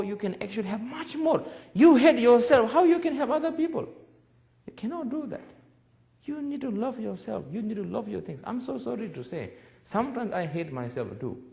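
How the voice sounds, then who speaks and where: Buddhist teacher with broken English. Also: male voice, sits high. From Nepal. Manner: broken English, lively storytelling with laughs. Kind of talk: public talk.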